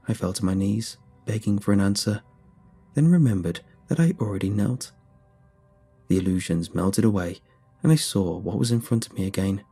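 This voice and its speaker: Low, husky male horror narrator. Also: soft background music. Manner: steady, measured, first-person storytelling. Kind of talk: scripted horror story narration.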